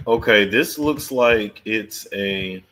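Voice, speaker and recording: A man's voice: fairly low pitch, takes it slowly, a bit bright. A man hosting casual gossip commentary, chatting to his viewers and laughing often. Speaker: celebrity gossip host.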